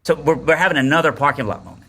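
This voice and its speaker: A man's voice: on the high side, rapid-fire, breathy edge. A man in his forties telling a personal story on a podcast, acting out the voices of the people in it. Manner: animated storyteller, acts out quotes. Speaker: podcast guest. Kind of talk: storytelling in casual chat.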